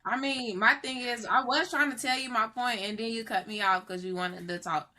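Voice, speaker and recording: Bright-voiced woman, pushing back in debate. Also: a little high, moderate pace, slight background noise. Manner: animated, pushes back, drawls. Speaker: podcast co-host. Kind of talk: casual debate.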